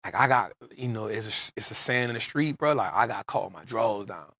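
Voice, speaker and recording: A man's voice: fairly low pitch, animated, a little fast, bright, forceful tone, no echo, studio quality. A man hosting a podcast, telling an emotional personal story in casual street slang. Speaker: podcast host. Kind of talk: casual chat.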